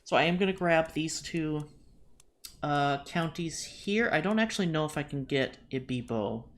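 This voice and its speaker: A woman streamer giving live commentary as she plays, chatty and thinking out loud, with jokey self-deprecating asides. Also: sits low, moderate pace. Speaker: VTuber streamer.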